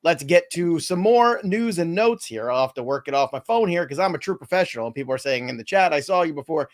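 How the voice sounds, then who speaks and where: A man hosting a live fantasy baseball stream, keeping up a wry, self-mocking running commentary. His voice sits a little higher than most men's. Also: lively intonation, quick pace. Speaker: host.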